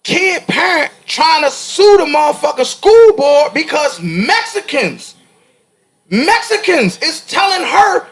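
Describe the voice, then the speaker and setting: A man co-hosting a barbershop-style podcast, arguing loudly and emphatically, repeating his points for punch. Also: very high-pitched, very animated, slow pace. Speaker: podcast co-host. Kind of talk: heated barbershop debate. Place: cigar lounge.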